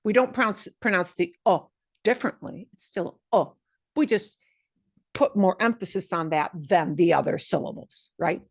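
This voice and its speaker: A woman's voice: on the low side, no echo, studio quality. Playful woman teaching a Spanish class. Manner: slow, drawn-out modeling of Spanish words, playful asides. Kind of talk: online language class.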